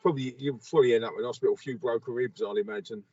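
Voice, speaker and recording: A comedian from England co-hosting a podcast over a video call, with laid-back, sweary banter. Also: male voice, mid-range voice, rapid-fire, mellow, dry recording. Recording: muffled, dry call audio.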